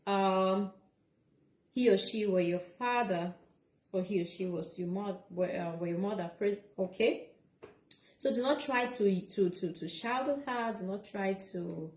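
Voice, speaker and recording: A woman with a fairly high voice gives relationship tips on a casual livestream. She talks earnestly and repeats each point, checking in with her listeners as she goes. The room around her is echoey. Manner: earnest, repeats points, many "okay?" and "you know?". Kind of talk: casual livestream advice talk.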